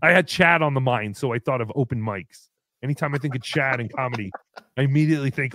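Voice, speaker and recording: A man hosting a comedy livestream, reading out viewer messages in a goofy, mocking way and jumping into loud cheers. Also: medium pitch, quick pace. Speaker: livestream host. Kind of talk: casual comedy livestream chat.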